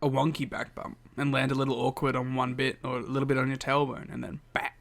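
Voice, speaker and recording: A man co-hosts a podcast with a bright, forceful tone at a middle pitch. He keeps the chat casual and playful, joking around and laughing often. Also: flat delivery, fast, gravelly. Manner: playful, laughs often, jokes about doing accents. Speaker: podcast co-host.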